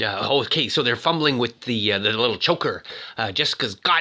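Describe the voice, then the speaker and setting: A man's voice: medium pitch, expressive, brisk, sharp tone. A man casually retelling a movie in a rambling, joking way, full of fillers. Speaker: narrator.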